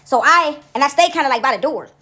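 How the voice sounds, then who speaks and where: A high-pitched woman tells her story to viewers at a rapid clip. She is animated and blunt, addresses her audience as y'all and swears freely. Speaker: storyteller vlogger.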